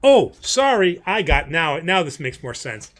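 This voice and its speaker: A priest with a fairly high voice explains things on a livestream in a loose, rambling way. He fills pauses with ums, restarts his sentences and laughs easily. He keeps a casual, teaching tone. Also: sing-song, fairly bright tone, slight background noise. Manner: chatty, laughs easily, many fillers and restarts.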